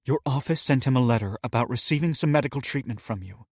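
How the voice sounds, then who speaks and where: A man's voice: mid-range voice, quick pace, a little mellow, husky, no echo, clean studio sound, lightly acted. A man voicing a determined young woman survivor who speaks earnestly and pleads for help. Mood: urgent.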